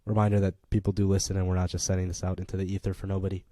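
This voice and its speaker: A young man co-hosts a casual chat podcast, swearing freely and jumping into excited bursts. His voice is low and dark. The sound is dry and close. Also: very fast, dry recording. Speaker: podcast co-host.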